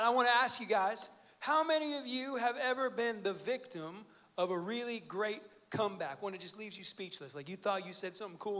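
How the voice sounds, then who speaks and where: A man preaching a sermon in a church, loose and conversational, with plenty of "like" and "um" as he tells a family story. His voice sits high for a man. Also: sharp tone. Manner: conversational, joking storytelling with fillers. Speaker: pastor. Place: church sanctuary.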